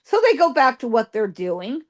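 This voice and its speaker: A woman's voice: a little high, big pitch swings, moderate pace. A woman guest psychic telling a ghost story in a dramatic way, acting out voices and sounds and often saying "you know".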